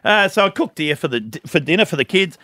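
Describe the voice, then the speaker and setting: Jokey radio host, lively voice. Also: male voice, on the high side, quick pace, no echo, studio quality. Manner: jokey, telling a gag with relish. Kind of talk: casual radio banter.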